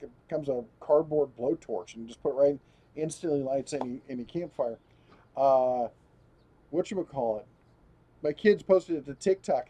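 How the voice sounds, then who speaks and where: A man's voice: a little high, warm tone. A man hosting a casual live stream, rambling as he reads viewer comments aloud and chats. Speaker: host.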